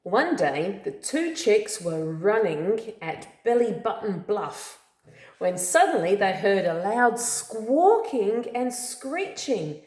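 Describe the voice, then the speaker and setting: Aussie woman reading a picture book to a kid, slow n sing-songy, echoey room. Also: mid-range voice. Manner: slow, lively storytelling with asides to the child. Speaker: storybook reader to a child.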